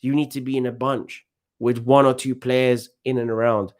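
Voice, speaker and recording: A man in his thirties with a London accent gives chatty, self-assured commentary on a football watchalong stream while reading chat. His mid-range voice has a flat delivery and normal speed in this casual live-stream commentary.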